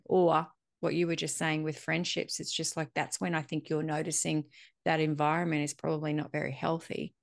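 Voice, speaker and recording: Low, gravelly woman. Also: little pitch movement, moderate pace, no room sound, clean studio sound. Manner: candid, reflective, swears casually, acts out dialogue. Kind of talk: casual conversational chat.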